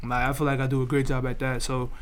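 A man's voice: medium pitch, fast talker, slight background noise. Laid-back slangy man on a podcast. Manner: relaxed slangy talk with restarts and "you feel me". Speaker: podcast co-host. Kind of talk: casual podcast discussion.

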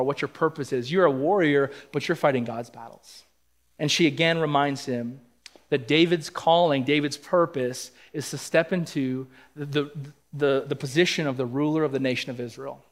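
A man's voice: fairly high pitch, normal speed. A man preaching a sermon in a church, earnest and emphatic, acting out quoted lines as he goes. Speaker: pastor. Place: church sanctuary.

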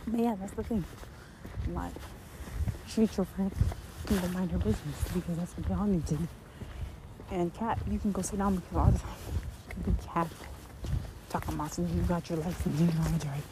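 A woman's voice: lowish voice, fairly quick, pauses often. A woman content creator ranting casually to camera, blunt and heated, swearing freely. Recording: loud background noise.

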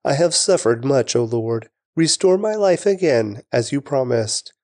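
A man giving a steady, reverent scripture reading. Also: medium pitch, a little slow, dry recording, studio quality. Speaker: scripture reader.

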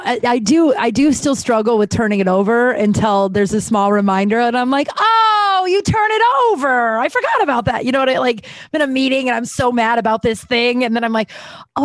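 A woman's voice: mid-range voice, vocal fry, no room sound. A woman talking candidly in a casual conversation about recovery, rambling and self-searching, swearing freely. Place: Los Angeles area.

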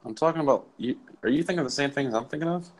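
A man's voice: mid-range voice, rapid-fire. A man co-hosting a podcast in casual chat, loose and profane, riffing through comic bits. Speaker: podcast co-host.

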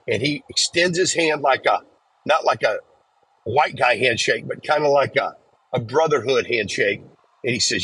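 Man with a very husky voice. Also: mid-range voice, pushed and bright, rough recording. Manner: reflective, measured, acts out quoted lines. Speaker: podcast host telling a prison story. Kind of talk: casual storytelling.

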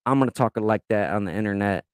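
A man co-hosting a podcast in casual chat, crude and profane, deliberately provocative. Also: on the low side, clear, resonant tone, no echo, studio quality. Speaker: podcast co-host.

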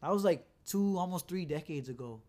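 A laid-back man hosts a loose podcast chat, talking in a fairly high voice. He rambles and swears freely, stringing thoughts together with "like.". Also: animated, brisk, darkish tone. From South Texas. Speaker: podcast host. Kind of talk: casual chat.

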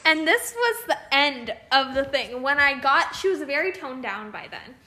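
An animated young woman co-host spins casual stories for her podcast. Her voice is high and bright, and it echoes around a bare room. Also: moderate pace. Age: young adult. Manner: animated storyteller. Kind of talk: casual storytelling chat.

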